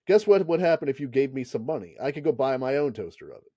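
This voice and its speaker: A man's voice: mid-range voice, animated, fast talker, mellow, no echo, dull audio. A man co-hosting a podcast in casual chat, rambling and laughing often. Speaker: podcast co-host.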